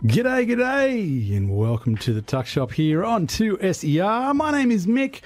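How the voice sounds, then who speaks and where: Male Australian radio co-host, slightly high voice, playful and upbeat, quick to laugh at his own slips. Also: huge pitch swings, a little mellow, soft background music. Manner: jokey, self-correcting, upbeat. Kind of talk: casual radio chat.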